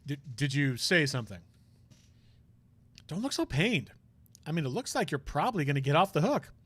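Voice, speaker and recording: A man's voice: a little high, sing-song, moderate pace, a bit bright, breathy edge, dry recording, exaggerated voice. A man voicing an earnest young male defense lawyer in a visual novel read-aloud, in a plain, dryly wry way.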